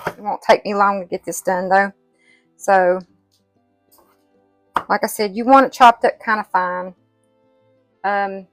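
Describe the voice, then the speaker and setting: A woman's voice: medium pitch, fairly bright tone. A woman giving an unscripted, rambling home kitchen demonstration, folksy and self-interrupting. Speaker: home cooking instructor.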